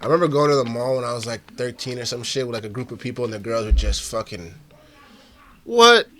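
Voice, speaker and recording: A young man, telling profane stories in an animated, slangy way in casual podcast chat. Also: mid-range voice, very fast, a little hiss or hum. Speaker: podcast guest or host.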